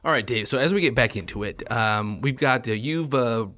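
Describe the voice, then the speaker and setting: Relaxed agreeable male podcast co-host. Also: mid-range voice, moderate pace, over loud music. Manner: relaxed, agreeable, short affirmations with some "um" and "uh". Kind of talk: casual podcast chat.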